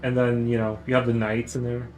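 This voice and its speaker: A man's voice: mid-range voice, little pitch movement, fairly quick, soft background music, rough recording. A young man streaming his drawing, chatting casually and rambling with many fillers and restarts. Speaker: artist streamer.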